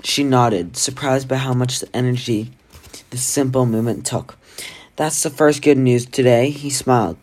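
A reader narrating a novel aloud in a plain, steady way, now and then restarting a phrase after a slip. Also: mid-range voice. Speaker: audiobook reader. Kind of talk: amateur novel read-aloud.

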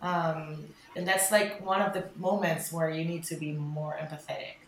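Roomy-sounding woman, candid and low. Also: level tone, moderate pace, a little hiss or hum. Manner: candid, swears, many restarts and ums. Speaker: wedding photographer guest. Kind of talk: casual podcast chat.

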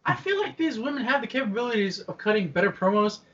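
A man's voice: sits high, very animated, fast talker, fairly bright tone, recorded from a distance. A man co-hosting a wrestling chat over a video call, laid-back and slangy, laughing often as he talks. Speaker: wrestling podcast co-host. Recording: dull lo-fi video call audio.

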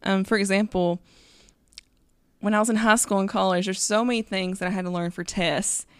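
A woman co-hosting a casual faith discussion, relaxed and rambling with many fillers. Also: mid-range voice, normal speed, clean tone, no echo, clean studio sound. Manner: relaxed, rambling, frequent "you know". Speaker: podcast co-host.

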